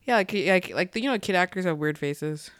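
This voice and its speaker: A man's voice: high-pitched, brisk, fairly bright tone, clear, resonant tone, no room sound, clean studio sound. A man co-hosting a podcast. He chats casually about a film, hesitant and full of fillers and restarts. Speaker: podcast co-host.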